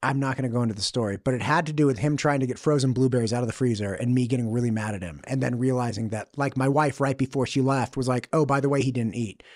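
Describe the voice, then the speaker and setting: A man's voice: mid-range voice, quick pace, hardly any pauses, darkish tone, no echo, clean studio sound. A man hosting a podcast, chatting casually in a joking, self-deprecating way. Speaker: podcast host.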